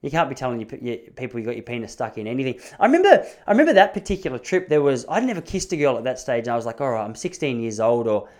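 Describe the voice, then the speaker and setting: A man's voice: medium pitch, big pitch swings, very fast, hardly any pauses, darkish tone. A man in his thirties with an Australian accent, telling rambling, self-mocking comic stories in a casual chat. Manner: rambling, self-mocking, often restarts phrases.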